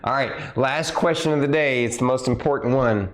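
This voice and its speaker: Relaxed male podcast host. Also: medium pitch, normal speed. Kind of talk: casual podcast hosting.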